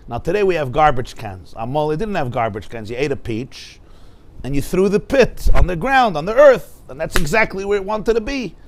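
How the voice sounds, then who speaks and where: A man teaches a Torah class in a fairly high voice. He talks in an animated way, asks his listeners rhetorical questions and weaves Hebrew and Yiddish terms into his English. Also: moderate pace, slight background noise.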